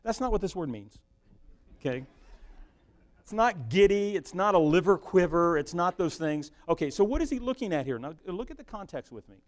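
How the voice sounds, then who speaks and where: Middle-aged male pastor, sermon delivery, slightly high pitch, dynamic from booming to hushed. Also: moderate pace. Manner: animated, swings from loud emphasis to near-whisper.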